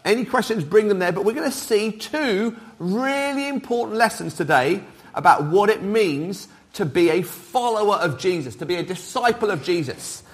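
A middle-aged man preaching an all-age sermon, lively and interactive, drawing the congregation in. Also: sits high, moderate pace. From Wales. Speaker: pastor.

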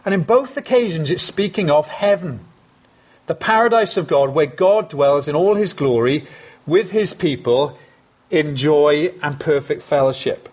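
A man's voice: fairly high pitch, unhurried, a little mellow. A man preaching a sermon, earnest and conversational, with emphatic asides to his congregation.

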